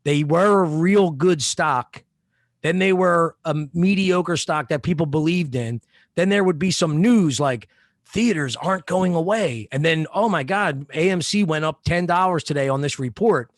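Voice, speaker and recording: A man's voice: a little high, unhurried, dry recording, studio quality. A man co-hosting a podcast in casual chat, rambling and swearing freely. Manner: rambling, profane, laid-back. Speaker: podcast co-host.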